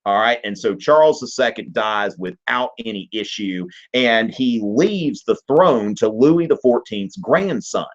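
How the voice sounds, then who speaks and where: A man hosting a live history Q&A, explaining in an animated, joking, digressive way. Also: mid-range voice, measured pace, few pauses. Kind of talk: casual live-stream lesson. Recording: dull lo-fi stream audio.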